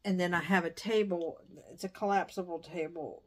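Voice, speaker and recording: A woman's voice: on the low side, fairly even intonation, moderate pace, darkish tone. A middle-aged woman chatting casually in a home vlog, wandering off topic and coming back. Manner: chatty, digressive. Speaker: vlogger. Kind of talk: casual chat. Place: dining room used as sewing room.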